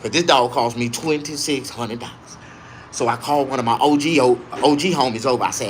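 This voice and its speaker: A male comedian telling a raunchy, profane story, swinging between low muttering and loud, high yelps. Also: quick pace, a little hiss or hum.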